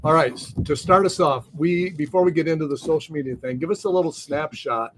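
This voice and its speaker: A man's voice: fairly high pitch, brisk, slight background noise. A man from Michigan hosting a live webinar interview over a video call, upbeat and effusive with praise. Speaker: host.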